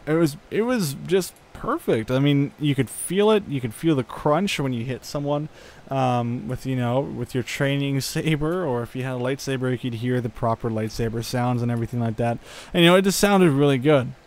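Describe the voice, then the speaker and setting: A man's voice: medium pitch, normal speed, darkish tone. A young man giving casual gameplay commentary, thinking aloud with lots of fillers and chuckles. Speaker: gaming channel host.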